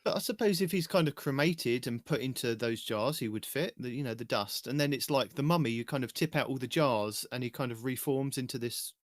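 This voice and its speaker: A man's voice: medium pitch, brisk, few pauses, no echo, clean studio sound. A man co-hosting a gaming podcast, musing through speculative theories. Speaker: podcast co-host. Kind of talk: casual chat.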